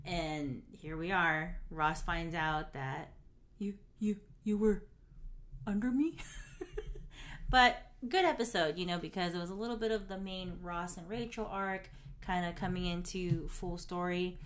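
A woman's voice: lowish voice, steady tone, measured pace, a bit bright. A woman co-hosting a podcast, recapping a TV episode in casual chat and laughing often as she retells scenes. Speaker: podcast co-host.

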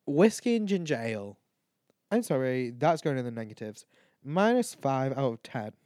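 A man's voice: mid-range voice, very animated, moderate pace, a little mellow, no room sound. Tipsy, rambling man with a dry close mic. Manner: rambling, tipsy, swearing, yawning. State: tired and tipsy. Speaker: podcast host. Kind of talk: casual solo chat.

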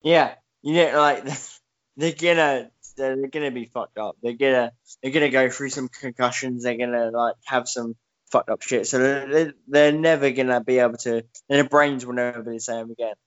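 A man's voice: medium pitch, steady tone, normal speed. A man co-hosts a podcast in loose, sweary chat, rambling with constant fillers. His voice sits mid-range on a dull, lo-fi mic. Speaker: podcast co-host. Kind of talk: casual chat.

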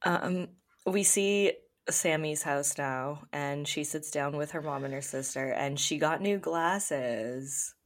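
Low-voiced woman recapping a show. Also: slow. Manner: recapping episodes, laid-back storytelling. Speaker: podcast guest. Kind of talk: casual chat.

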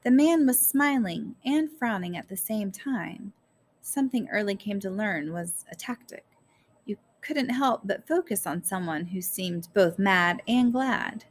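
A woman narrating a story aloud in a measured, careful storytelling manner. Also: medium pitch, expressive, slight background noise. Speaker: audiobook narrator. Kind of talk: scripted narration.

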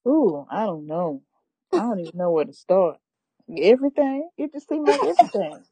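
Mellow woman searching for her words. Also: mid-range voice, sing-song, normal speed, slightly rough, no room sound. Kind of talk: casual chat.

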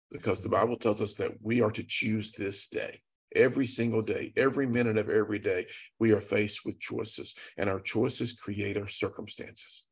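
A man's voice: on the low side, fairly even intonation, a little fast, vocal fry, slightly rough. A man telling an earnest, dramatic testimony as a guest, acting out the dialogue. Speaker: guest speaker. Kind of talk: storytelling testimony.

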